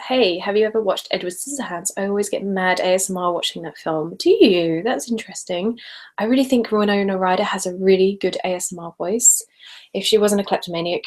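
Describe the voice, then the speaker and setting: A woman from Essex with an English accent, hosting a casual live stream. She chats and giggles while reading out viewer comments, sometimes dropping into soft whispers, and sips wine as she talks. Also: medium pitch. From Essex, England. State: sipping wine while talking. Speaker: ASMR creator hosting a live hangout.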